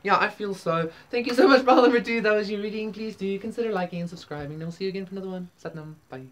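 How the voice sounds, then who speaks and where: A woman's voice: medium pitch, very fast. A woman doing a casual tarot reading, rambling with many fillers and casual swearing. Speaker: tarot reader. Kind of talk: casual spiritual reading to camera.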